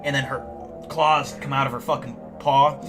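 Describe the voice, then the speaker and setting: A young man hosts a livestream and rambles through boastful, deadpan tall tales. His voice sits at an everyday middle pitch. Guitar music plays clearly behind him. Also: moderate pace. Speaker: livestream host. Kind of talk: comedic in-character livestream storytelling.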